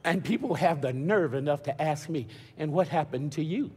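An older man preaching a sermon as pastor, telling stories with stammered restarts and building to shouted preaching. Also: a little high, normal speed. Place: church sanctuary. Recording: long church reverb.

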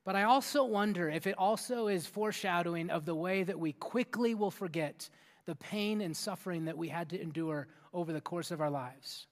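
A man preaching a sermon as a youth pastor in a church hall, energetic and interactive, often asking the audience questions. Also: high voice, normal speed. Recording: long hall reverb with faint music.

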